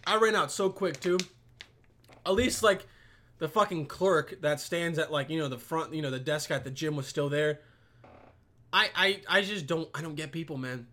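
A man's voice: on the high side, moderate pace, sharp tone. Swearing, rambling young man. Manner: profane, rambling, swears constantly. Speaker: vlogger. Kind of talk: casual rant to camera. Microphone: camera set on a computer.

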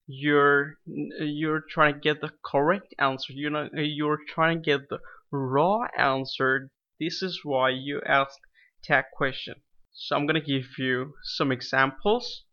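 Male English teacher, slightly high, bright voice; slow, patient explanations that repeat each example, dull lo-fi mic. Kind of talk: explanatory online lesson.

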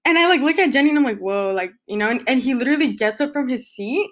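A young woman recounts a story in relaxed, casual chat. She sounds animated and giggles often, and "like" fills her speech. Her voice sits a little on the high side. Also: racing.

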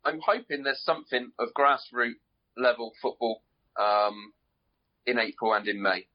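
A man talks as a podcast guest about running his club, measured and hesitant with frequent ums. The audio is dull and lo-fi. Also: medium pitch, steady tone. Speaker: guest, football club manager. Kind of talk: casual interview. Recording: dull lo-fi sound.

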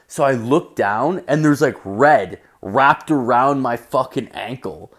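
A man's voice: mid-range voice, animated, slow, few pauses, fairly bright tone. A young man telling a rambling work story in a casual rant, swearing constantly and leaning on "like".

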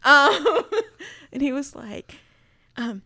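In a dry recording, a woman speaks very slowly in a high, very animated voice with vocal fry and a bright, forceful tone. As a guest in a casual conversation, she earnestly tells a heartfelt family story, saying "like" a great deal.

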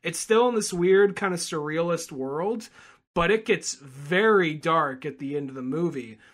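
A man co-hosting a podcast, chatting casually, swearing and acting out quick movie quotes. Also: on the high side, fairly bright tone. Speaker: podcast co-host.

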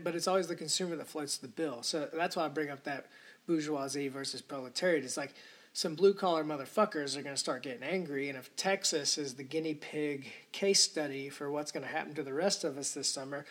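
Speaking briskly in a fairly high voice, a podcast host goes on a meandering, indignant solo tirade laced with profanity.

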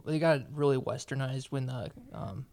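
An American man chatting casually, giving his views quickly and laughing easily. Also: medium pitch, vocal fry, darkish tone. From United States. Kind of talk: casual chat.

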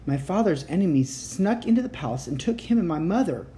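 A woman's voice: fairly low pitch, expressive, brisk, mellow, a little hiss or hum, pitched above the performer's own voice, close to an everyday voice. A woman voicing a young boy prince who speaks in a formal, careful way, reading a storybook aloud. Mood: sad.

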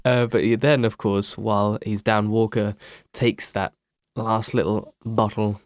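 A man's voice: fairly low pitch, level tone, a little slow, dry recording, clean studio sound. A man hosting a casual chat who steers the talk and retells scenes.

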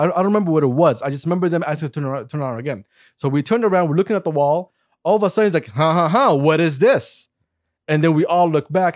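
A man in his forties from Saudi Arabia telling a story in casual chat, animated, laughing often and swearing freely. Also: a little high, dry recording, studio quality. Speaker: guest.

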